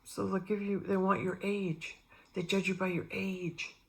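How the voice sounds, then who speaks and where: The recording is very noisy, and the woman's medium-pitched voice is creaky and a little slow. She's a middle-aged spiritual vlogger who drifts through rambling personal tales, animatedly quoting and imitating the people in them.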